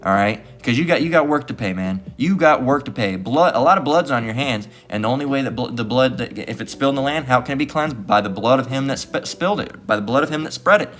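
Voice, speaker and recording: A man's voice: mid-range voice, expressive, quick pace, hardly any pauses, fairly bright tone. Combative preaching man, faint guitar behind. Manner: combative, profane, repeats "guess what" and "all right?". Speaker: street-style preacher. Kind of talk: confrontational scripture preaching.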